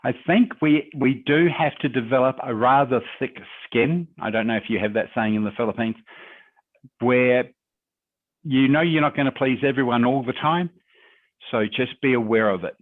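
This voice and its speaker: A man's voice: mid-range voice, moderate pace, no room sound. A man speaking as a guest on a video call, giving conversational, encouraging advice on public speaking and answering questions reflectively. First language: English. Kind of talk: webinar Q&A advice. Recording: dry, tinny phone-like call audio.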